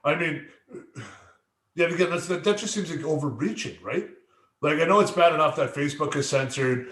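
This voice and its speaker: A man's voice: a little high, fairly quick, fairly bright tone. Guy on a late night stream, stammers a lot, swears, echoey room. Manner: stammering, repeats words, swears freely. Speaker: podcast co-host.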